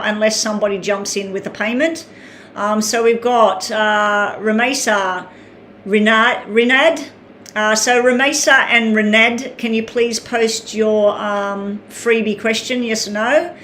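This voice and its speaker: A woman's voice: on the high side, fairly bright tone. An Australian woman giving tarot readings on a live stream, chatting casually, reading out viewer names and talking while she eats. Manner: chatty, reads out names, talks while eating. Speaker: tarot reader. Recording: echoey room with faint ambient noise.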